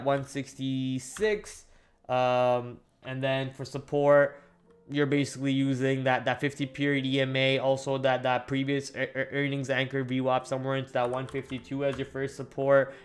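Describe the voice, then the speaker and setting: A man hosting a live stock trading stream with a slight lisp, talking casually and thinking aloud as he goes through levels, often correcting himself. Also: mid-range voice. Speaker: stock trading livestream host. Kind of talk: casual live market recap.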